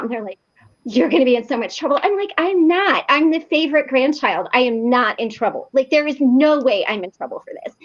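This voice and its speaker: A woman telling a lively personal story in a casual online meeting, full of fillers and acted-out quotes. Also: sits high, highs cut off. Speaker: recovery meeting participant. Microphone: video call.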